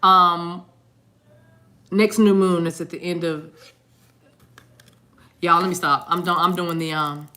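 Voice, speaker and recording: Bright-voiced chatty woman reader. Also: lowish voice, steady tone, takes it slowly, long pauses. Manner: chatty, rambling, repeats words, sings snatches of songs. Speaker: tarot card reader. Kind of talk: casual tarot reading monologue.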